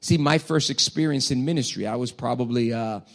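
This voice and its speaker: A male pastor delivers a sermon by telling a personal story. His delivery is animated, with frequent restarts and repeated phrases. His voice sits at an ordinary middle pitch for a man. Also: fairly quick.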